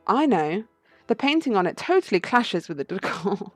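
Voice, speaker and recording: A woman's voice: medium pitch, big pitch swings, normal speed, no echo, faint music behind. Woman voicing an eager, naive sparrow sidekick, game read-through. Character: eager, clueless young male sparrow sidekick. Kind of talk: game playthrough read-aloud.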